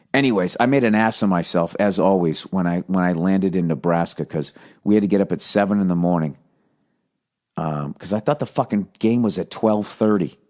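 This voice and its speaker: A middle-aged man from the United States rambles through a profane story as he hosts his podcast. His voice sits fairly low, and he talks in a loose, offhand way. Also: a little mellow. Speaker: podcast host. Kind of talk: casual monologue.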